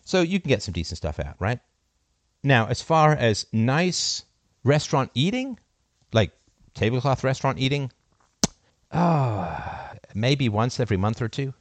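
With big pitch swings and an unhurried pace full of pauses, a middle-aged call-in host gives a fervent monologue. He shifts from loud, emphatic peaks to low muttering, and the recording has no echo.

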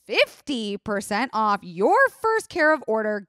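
A young woman hosting a podcast, telling a story in a casual, profane, animated way and acting out the people she quotes. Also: fairly high pitch, unhurried, hardly any pauses, no echo, studio quality. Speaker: podcast host.

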